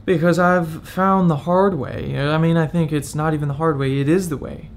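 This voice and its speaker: A man's voice: fairly high pitch, steady tone, moderate pace, a little hiss or hum. A young man in his twenties opening up in a confessional vlog, candid and reflective, talking as if close to tears. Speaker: vlogger.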